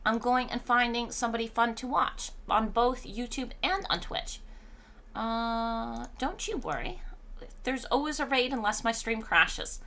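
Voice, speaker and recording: A woman's voice: fairly high pitch, a little slow, pushed and bright. A woman live-streaming games, chatting casually and rambling, her voice tired and strained. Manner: chatty, rambling, reads chat aloud. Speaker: game streamer.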